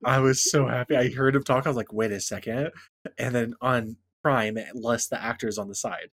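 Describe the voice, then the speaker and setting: A man's voice: medium pitch, fairly even intonation, normal speed, fairly bright tone, dry recording, studio quality. A man co-hosting a casual podcast chat about a fantasy show, easygoing and thinking aloud with chuckles. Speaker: podcast co-host.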